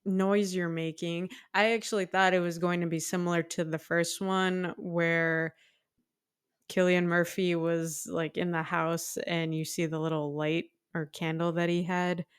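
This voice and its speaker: A woman's voice: on the low side, clean tone. A woman co-hosting a podcast, talking about a film in a blunt, heated way and swearing freely. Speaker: podcast co-host. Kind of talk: casual film discussion.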